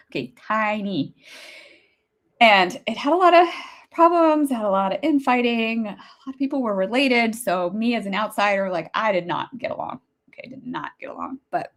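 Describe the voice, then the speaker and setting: A woman's voice: medium pitch, a bit bright. A woman in her forties telling a personal story as a podcast host, chatty and laughing, turning emotional and teary. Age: 40s.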